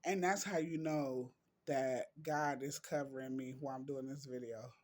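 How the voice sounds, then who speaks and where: A man vlogging in an emotional, heartfelt way, reading quotes and talking slowly with drawn-out words. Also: mid-range voice, steady tone, darkish tone. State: emotional, near tears.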